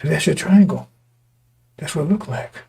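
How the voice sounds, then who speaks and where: A male preacher with a gravelly, raspy voice that is wearing hoarse. He talks in stop-start, repeating bursts and keeps throwing rhetorical questions at his congregation. His tone sits dark and mellow, on the high side for a man. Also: moderate pace. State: voice going hoarse. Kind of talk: street-style sermon to a congregation.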